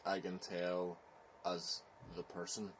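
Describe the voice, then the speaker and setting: A man with a Belfast accent, telling a scary story in slow, rambling casual chat, with "so it is" tags. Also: deep voice, completely flat delivery, a little hiss or hum. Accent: Northern Irish, Belfast.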